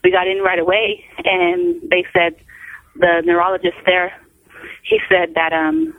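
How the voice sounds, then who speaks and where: A woman in her forties, a mother calling in to an interview, tells her story haltingly with many fillers and acts out the dialogue she quotes. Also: on the low side. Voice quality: creaky, gravelly. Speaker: guest, mother of a patient. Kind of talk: phone-in interview, personal story. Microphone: telephone. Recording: tinny phone line.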